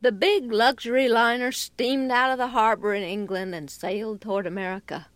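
A woman narrating a children's story in an expressive, lively storytelling manner. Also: fairly high pitch, normal speed.

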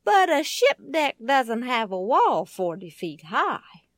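A woman narrating a children's story in an expressive, lively storytelling manner. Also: on the high side, takes it slowly, dry recording, studio quality.

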